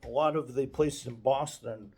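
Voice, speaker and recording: A man's voice: mid-range voice, moderate pace, husky. A man giving a casual, unscripted daily video monologue, meandering and hesitant, often stopping to restart his sentences.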